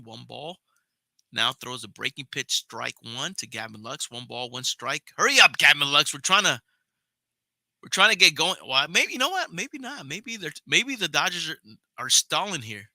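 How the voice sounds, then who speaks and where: A young man hosts a podcast and calls a baseball game live, giving casual play-by-play, chatting with viewers and swearing now and then. His mid-range voice is bright and forceful, and the recording is dry.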